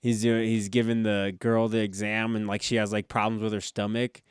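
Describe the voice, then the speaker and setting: Smooth-voiced casual podcast guy. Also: fairly low pitch, little pitch movement, normal speed, dry recording, clean studio sound. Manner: laid-back, swears a lot, acts out TV scenes. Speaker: podcast co-host. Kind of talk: casual chat.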